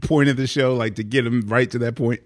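A man interviewing a guest, asking questions in a casual, halting way. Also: medium pitch, steady tone.

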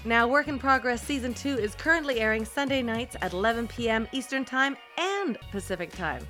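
An effusive woman hosting a podcast, gushing about her guests and teasing them playfully. Her voice sits a little high. Faint music plays quietly under her talk. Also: lively intonation, brisk. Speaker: podcast host. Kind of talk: podcast intro and panel moderating.

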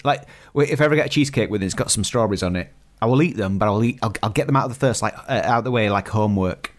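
A man's voice: fairly low pitch, rapid-fire. Jokey, rambling man on a podcast. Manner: jokey, rambling, laughs at his own jokes. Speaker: podcast co-host. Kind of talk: casual podcast chat.

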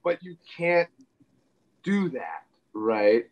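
Man in his forties, mid-pitched, rambling interview guest, slightly muffled audio. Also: normal speed. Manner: rambling, full of fillers and restarts. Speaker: podcast guest, wrestler. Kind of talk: casual interview chat.

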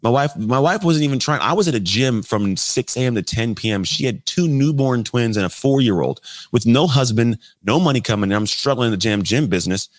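A man's voice: mid-range voice, expressive, a little fast, no echo, studio quality. A man in his thirties, a podcast guest, telling his life story in a blunt, conversational way with occasional mild swearing. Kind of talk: candid storytelling interview.

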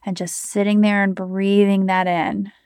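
A woman in her thirties, a coach, talking in a chatty, animated podcast monologue full of fillers. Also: mid-range voice, unhurried, clean tone, dry recording, studio quality.

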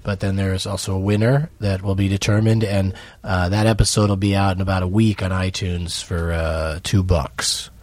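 A man's voice: sits low, flat delivery, moderate pace, darkish tone, dry recording. A man hosting a casual podcast chat, making dry, wry asides. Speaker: podcast host.

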